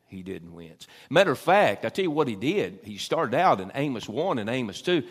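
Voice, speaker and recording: A man's voice: lowish voice, slightly rough. Folksy preacher man. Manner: folksy Southern preaching, swells loud then drops soft. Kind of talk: sermon. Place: church sanctuary.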